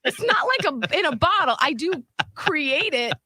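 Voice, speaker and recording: A woman's voice: high-pitched, moderate pace, dry recording, studio quality. A young woman co-hosting a radio show, telling a story in casual chat and acting out the voices in it. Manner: animated storytelling, acts out voices.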